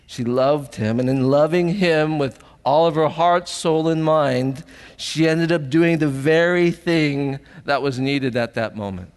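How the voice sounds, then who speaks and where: A man's voice: on the high side, unhurried, darkish tone, smooth, in a large hall. A man preaching a sermon as pastor, earnest and emotional, often asking the congregation questions, at times tearful.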